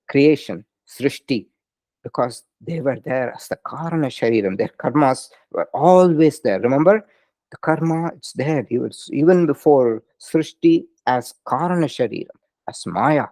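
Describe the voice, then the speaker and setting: A man voicing a calm, patient divine male king who explains gently. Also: mid-range voice, no echo. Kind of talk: storytelling in a lecture.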